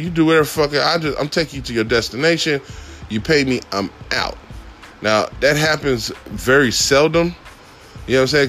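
A man telling a long story in a casual, laid-back way, full of swearing and laughter, his voice jumping up whenever he gets excited. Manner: profane, laid-back, laughs often, pitch jumps when excited. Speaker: podcast host telling a driving story.

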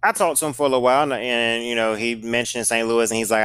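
Man, slight southern accent, blunt sarcastic storyteller, swears a lot, mid-pitched, dry close sound. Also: steady tone, quick pace, few pauses, a bit bright, clear, resonant tone, no room sound. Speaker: podcast host telling a story. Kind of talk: casual storytime monologue.

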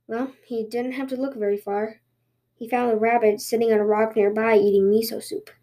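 A woman podcast host reading a folktale aloud in a lively storytelling way. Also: on the high side, fairly quick.

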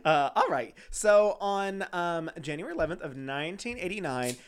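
A man's voice: sits high, expressive, normal speed. A man co-hosting a casual true-crime podcast, reading case notes with joking asides and frequent laughter. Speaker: podcast co-host.

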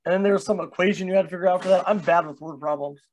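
A man's voice: high voice, very fast. A young man hosting a casual podcast chat, loose and self-mocking, who swears freely. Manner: loose, swearing, laughs at himself.

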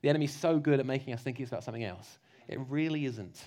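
A man preaching a lively, jokey sermon, slipping into mock voices to make his points. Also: mid-range voice, fast.

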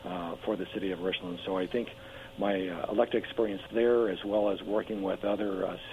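Hoarse, gravelly, low-pitched male candidate calling in; tinny phone line. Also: steady tone, brisk, slight background noise. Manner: eager, restarts, many uh fillers. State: hoarse, losing his voice. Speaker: political candidate guest. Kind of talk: radio interview by phone.

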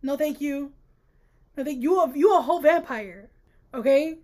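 Speaking at normal speed, this high-voiced young woman co-hosts a laid-back book-discussion podcast. Her delivery is lively and sarcastic, punctuated by frequent laughter.

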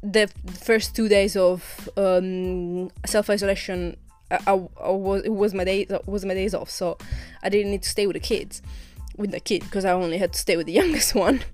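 A young woman from Italy talks through her own podcast in a loose, rambling way, restarting sentences and laughing lightly. Her voice sits at a middle pitch. Faint music plays underneath. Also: fairly even intonation, normal speed, few pauses, darkish tone. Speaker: podcast host. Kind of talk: casual solo podcast chat.

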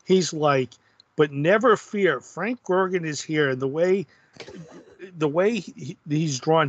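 A man co-hosting a podcast, chatting casually in a relaxed, amused way. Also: on the high side, no echo, dull audio. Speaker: podcast co-host. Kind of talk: casual chat about comics.

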